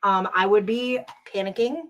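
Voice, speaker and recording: A woman's voice: medium pitch, fairly even intonation, normal speed. A woman hosting a live paranormal podcast, telling ghost stories in a rambling, casual way with lots of ums and uhs and reading viewer comments aloud. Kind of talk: casual live-show storytelling.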